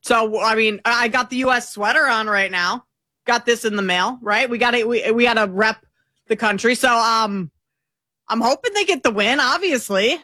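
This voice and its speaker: A woman's voice: fairly high pitch, normal speed, bright, forceful tone, dry recording. Chatty woman co-host, dry sound. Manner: chatty, lots of ums and restarts, self-deprecating. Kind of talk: casual talk show chat.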